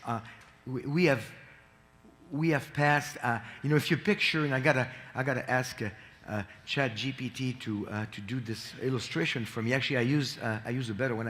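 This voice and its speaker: An earnest man in his fifties from France tells a family story to a conference audience, pausing and restarting often. His voice sits in a middling register. The sound carries a long reverb from a large hall. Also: medium pitch, fairly bright tone, slight background noise. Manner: earnest, halting with frequent fillers and restarts. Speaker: conference speaker. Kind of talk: personal story in a conference talk.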